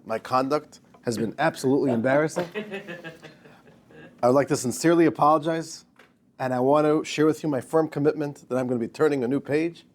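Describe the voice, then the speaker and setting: A man's voice: fairly high pitch, a little mellow, pitched below the performer's own voice, lightly acted. A man voicing a male talking parrot that speaks in a formal, apologetic way in a joke. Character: contrite, overly polite male talking parrot.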